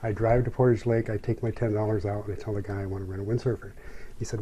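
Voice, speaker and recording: A man telling a personal story as an interview guest, in a reflective, unhurried way. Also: fairly low pitch, fairly even intonation, mellow, breathy edge.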